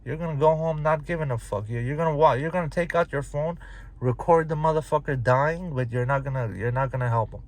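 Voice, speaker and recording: A man's voice: on the high side, a little fast. A man ranting bluntly and profanely into a handheld phone outdoors, talking casually to his viewers. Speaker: vlogger. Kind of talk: casual rant to camera. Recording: loud traffic noise outdoors.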